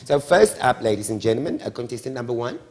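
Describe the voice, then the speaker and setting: A man with a South African accent hosting a lively studio show, playful and teasing in quick banter. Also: mid-range voice, a crowd in the background. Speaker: host.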